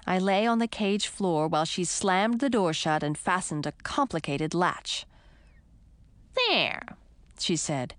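Female audiobook narrator, expressive first-person reading, dry close recording. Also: mid-range voice, no room sound.

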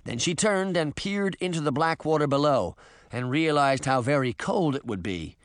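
Expressive male audiobook narrator. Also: a little high, moderate pace, no room sound, clean studio sound. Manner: expressive storytelling. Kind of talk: scripted narration.

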